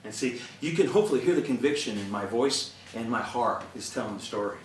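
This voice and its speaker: Expressive and fast, a middle-aged man at a medium pitch delivers an earnest, conversational motivational talk to an audience and laughs a lot along the way. The mic sits far from him in an echoey room, leaving a little hiss or hum in the recording.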